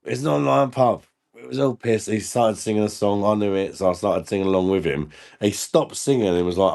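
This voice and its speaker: A man's voice: fairly low pitch, brisk, vocal fry, darkish tone. A man hosting a casual live stream, laughing often and bantering with viewers in the chat while he drinks.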